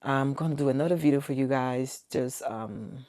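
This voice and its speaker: A woman's voice: extremely low pitch, normal speed, mellow, no echo, studio quality. A woman in her forties telling an earnest, emotional personal story to camera, with quoted dialogue. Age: 40s. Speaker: vlogger.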